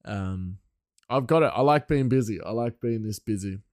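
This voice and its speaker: A man's voice: on the low side, normal speed, a little mellow, dry recording, clean studio sound. Rambling man, casual chat. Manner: rambling, chatty, laughs often. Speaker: podcaster.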